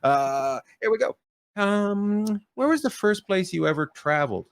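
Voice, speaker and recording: A man's voice: high-pitched, measured pace, no room sound. A man hosting a casual comedy chat over a video call, joking and teasing his guests. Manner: jokey, teasing, animated. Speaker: host.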